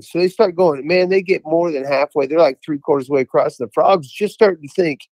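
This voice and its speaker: A man's voice: a little high, fairly quick, few pauses, darkish tone, no room sound, rough recording. A man calling in to a podcast, telling a story in a rambling, enthusiastic way, full of restarts. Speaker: caller to a podcast. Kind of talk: casual chat, storytelling.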